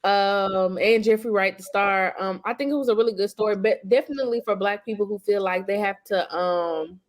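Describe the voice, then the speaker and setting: A woman's voice: mid-range voice, steady tone, brisk. A woman from Boston co-hosting a podcast, talking in blunt, slangy casual chat. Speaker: podcast co-host.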